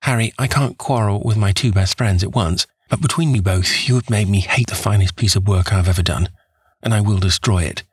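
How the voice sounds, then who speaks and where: A man's voice: on the low side, a little fast, breathy edge, no room sound, clean studio sound. A man reading aloud, voicing an earnest, devoted painter who speaks in a pained, sincere way.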